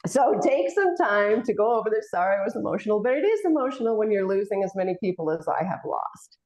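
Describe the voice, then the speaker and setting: A woman's voice: medium pitch, sing-song, quick pace, hardly any pauses, darkish tone. A woman hosting a casual spiritual discussion panel, talking earnestly and rambling, at times getting emotional. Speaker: panel host.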